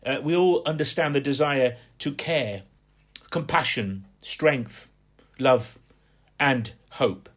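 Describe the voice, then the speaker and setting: A man from Hampshire giving a gentle, rambling radio devotional reflection, with frequent fillers. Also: mid-range voice, takes it slowly. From Hampshire, England.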